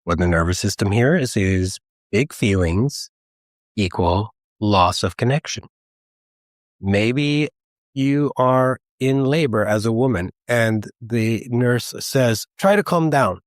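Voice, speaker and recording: A man hosting a podcast, talking in a calm, measured, gentle way in a scripted solo talk. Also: lowish voice, no echo, studio quality. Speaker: podcast host, therapist.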